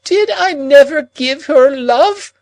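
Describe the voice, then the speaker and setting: A man's voice: expressive, slow, no echo, full character voice, rough recording. Miss Havisham, a shrieking old woman, voiced by a man. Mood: anguished. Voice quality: high, strained, wailing. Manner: moaning, dragged-out lament. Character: old anguished jilted woman, wild and shrieking. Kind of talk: audiobook character reading.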